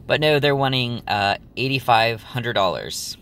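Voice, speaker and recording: A man's voice: mid-range voice, animated, unhurried, a bit bright, slight background noise. A young man chatting casually to his viewers, rambling with lots of ums and likes. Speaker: vlogger. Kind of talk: casual chat to camera.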